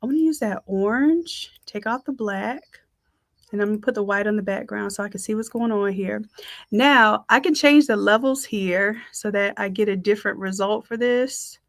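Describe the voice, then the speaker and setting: A woman's voice: mid-range voice, normal speed, no echo, clean studio sound. A woman giving a live-streamed design tutorial, chatting with viewers and calling them y'all. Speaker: design instructor.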